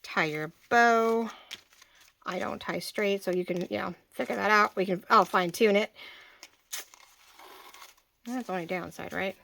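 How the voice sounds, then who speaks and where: A woman's voice: mid-range voice, a little slow, gravelly, long pauses, a bit bright. A woman in her forties hosting a casual craft tutorial, chatty and rambling, often restarting her sentences as she works. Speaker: craft channel host.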